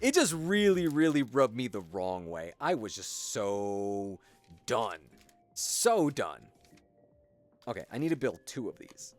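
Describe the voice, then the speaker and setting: A streamer from the United States talks slowly yet with great animation in a mid-range voice, soft music in the background. The casual chat drifts along as they build, swearing freely and stuffing it with fillers.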